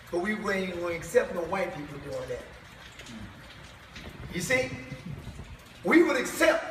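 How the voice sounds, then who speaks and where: A man's voice: high-pitched, a little hiss or hum. A man preaching to a live congregation, emphatic and firing rhetorical questions at the crowd. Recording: echoey hall, far from mic.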